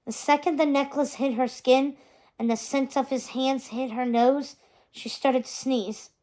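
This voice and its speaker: A woman reading a chapter book aloud, with gentle, expressive narration. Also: sits high, unhurried. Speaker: reader. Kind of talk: storybook read-aloud.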